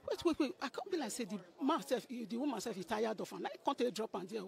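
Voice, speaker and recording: Speaking fast in an expressive, gravelly voice on the high side, a middle-aged woman with a Nigerian Pidgin English accent delivers an emotional testimony. She acts out the words others said to her.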